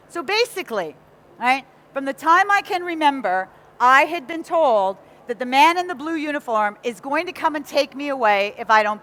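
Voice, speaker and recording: A woman from England with a North American accent, giving a lively motivational talk to a live audience and often asking them questions. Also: high voice. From Nottingham, England. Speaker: motivational speaker.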